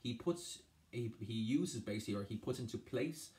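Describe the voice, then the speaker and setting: Speaking at normal speed with lively intonation, this man has a medium-pitched, darkish voice. As an Irish language tutor doing exam revision, he translates every phrase and repeats his points repeatedly.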